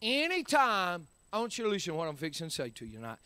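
A man's voice: sits high, wildly swooping pitch, fast, pushed and bright, clear, resonant tone, no room sound. A man preaching a sermon, repeating key phrases with rising and falling emphasis.

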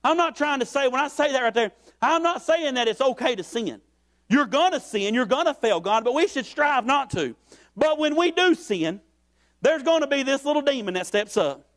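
A man preaching a sermon in a folksy way, repeating phrases to build emphasis. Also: very high-pitched.

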